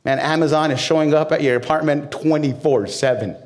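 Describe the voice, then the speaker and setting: A male pastor preaching a sermon, talking straight to the people in the room with humor and questions, and building up to loud, high-pitched climaxes. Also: a little fast. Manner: conversational with humor and direct questions to the crowd.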